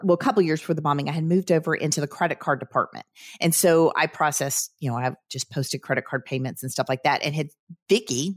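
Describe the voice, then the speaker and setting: Woman in her 50s, low voice, dry close sound, tells her story earnestly like she's reliving it. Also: no echo. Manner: earnest, vivid recounting with quoted inner thoughts. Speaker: guest, credit union CEO. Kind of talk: personal storytelling in a podcast interview.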